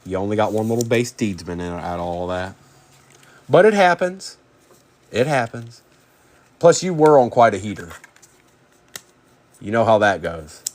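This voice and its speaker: Male card-break host, lower pitch, relaxed chatty delivery with quick name rundowns. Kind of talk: casual live card-break commentary.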